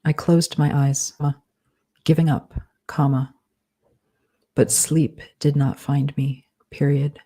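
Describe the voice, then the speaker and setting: A woman author dictating a fantasy novel aloud, calling out each comma and period in a measured, deliberate way. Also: low-pitched, little pitch movement, dark tone, husky. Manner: speaks punctuation marks aloud, measured and deliberate.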